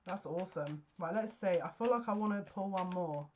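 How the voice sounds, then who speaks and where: A woman giving a casual tarot card reading, excitable and often gasping and breathless. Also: mid-range voice, brisk, highs cut off, slight background noise.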